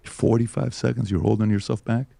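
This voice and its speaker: A man's voice: lowish voice, fairly even intonation, a little fast, vocal fry, heavy background noise. A man hosting a podcast interview, asking persistent, leading questions. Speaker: podcast host.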